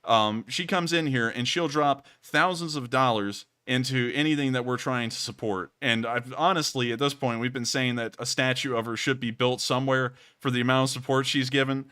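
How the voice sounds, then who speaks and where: A male livestream host leads a charity stream with effusive thanks to donors. His voice is bright and crisp, and it sounds close and dry. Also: medium pitch, fairly even intonation, normal speed, hardly any pauses, no room sound.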